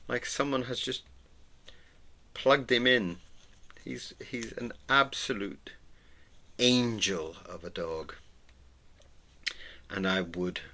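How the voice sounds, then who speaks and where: A middle-aged man who hosts an art channel, chatting casually while he draws, rambling and sentimental, with soft murmured asides and frequent chuckles. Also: mid-range voice. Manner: chuckles often. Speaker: artist and channel host. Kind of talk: casual chat while drawing.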